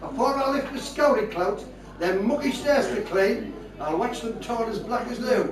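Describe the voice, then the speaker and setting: A man reciting the lines of a quarrelsome old mining-town housewife, sharp-tongued, in a Northeast English accent. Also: very high-pitched, expressive, normal speed, a crowd in the background. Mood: scolding. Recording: roomy hall mic from far off, audience.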